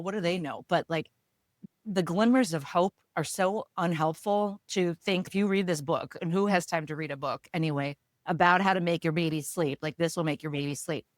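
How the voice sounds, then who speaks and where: A woman's voice: lowish voice, no room sound. A woman co-hosting a podcast, chatting casually with wry, self-deprecating humor. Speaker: podcast co-host. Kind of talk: casual chat.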